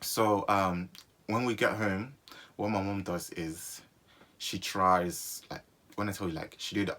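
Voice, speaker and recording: A young man, telling a personal story in an animated way for his vlog and repeating phrases for comic effect. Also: deep voice. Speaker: vlogger.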